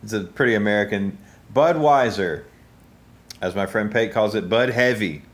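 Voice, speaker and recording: Low-voiced man rambling through a taste test. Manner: rambling, joking, halting with fillers. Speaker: musician reviewing drinks. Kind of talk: casual taste-test commentary.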